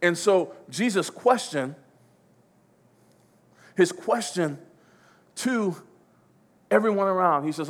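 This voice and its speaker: A man preaching a sermon, emphatic and repetitive, swinging between loud declarations and hushed passages. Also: high-pitched, animated, slow pace, pauses often.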